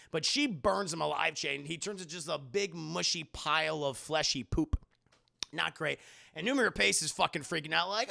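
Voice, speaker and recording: A young man with a high, gravelly voice rattles through a film recap in a loose, profane way. His tone is bright and forward, and he keeps slipping into silly voices for the characters. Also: normal speed. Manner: animated retelling, acting out characters in silly voices. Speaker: host reviewing a film with live chat.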